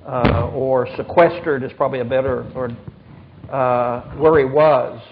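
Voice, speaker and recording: A man on a panel giving a slow, halting answer with many pauses and fillers. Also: medium pitch, fairly even intonation. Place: conference hall. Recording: tinny phone-like recording with faint noise.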